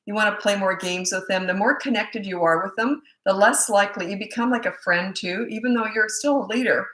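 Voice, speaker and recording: Lively woman coach in an echoey room. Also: medium pitch, brisk. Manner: lively, acts out quoted parents and kids in changed voices. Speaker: parenting coach. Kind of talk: casual live Q&A talk.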